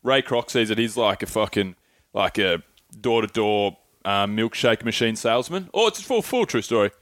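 A man's voice: on the low side, animated, normal speed, a bit bright, no echo, clean studio sound. A man co-hosting a podcast, retelling a film with swearing and enthusiasm. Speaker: podcast co-host. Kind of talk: casual chat.

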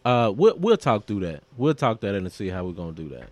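A man's voice: lowish voice, very animated, fairly quick, no room sound. A man, co-hosting a podcast in a loose, laid-back way with plenty of fillers. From Kentucky, US. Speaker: podcast co-host. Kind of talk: casual podcast chat.

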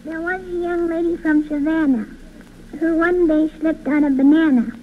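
A man's voice: very high-pitched, fairly even intonation, moderate pace, voice pushed up. A man doing a chatty little girl, 1930s radio. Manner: childlike, sing-song recitation. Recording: tinny old radio broadcast, faint hiss.

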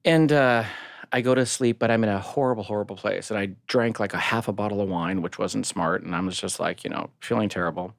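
A man's voice: fairly low pitch, brisk, gravelly. A middle-aged man talking candidly and bluntly as a podcast co-host, swearing freely and speaking with emphasis. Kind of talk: candid personal talk.

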